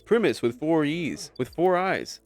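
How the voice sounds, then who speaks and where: A man's voice: on the high side, sing-song, unhurried, a little mellow, soft background music. A young man live-streaming a game, chatting with viewers in a joking, sarcastic way and swearing casually.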